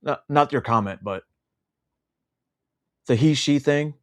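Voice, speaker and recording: A man's voice: medium pitch, takes it slowly. A man co-hosting a livestream, speaking in an indignant, sarcastic way. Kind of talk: casual livestream chat.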